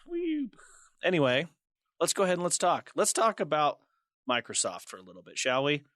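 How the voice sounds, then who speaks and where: A man's voice: sing-song, brisk, a bit bright, no echo, studio quality. A young man hosting a casual tech podcast, joking and laughing often between points. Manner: jokey, laughs often, goofy high squeals. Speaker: podcast host.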